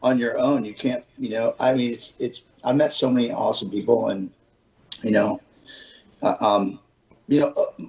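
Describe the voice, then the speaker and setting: A man's voice: mid-range voice, steady tone, moderate pace, a little mellow, dull audio. A man from Florida, a podcast guest telling loose stories in casual chat, swearing now and then.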